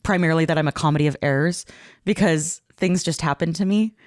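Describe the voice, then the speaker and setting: A woman's voice: low-pitched, brisk, dry recording, studio quality. A woman co-hosting a podcast in casual chat, telling stories with self-deprecating giggles. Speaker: podcast co-host.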